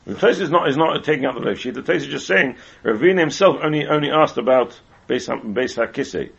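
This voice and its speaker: Fast-talking gravelly man teaching Talmud. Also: mid-range voice, lively intonation, fairly bright tone, dull audio. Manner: rapid, heavily repeats words while explaining. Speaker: rabbi teaching a Talmud class. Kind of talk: Talmud class lecture.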